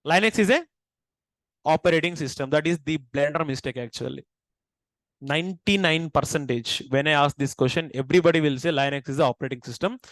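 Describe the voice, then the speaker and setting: Indian man, high voice, lecturing a class and quizzing students, dry close recording. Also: a bit bright, dry recording, low-quality recording. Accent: Indian English. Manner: asks the class questions and repeats key points. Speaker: teacher.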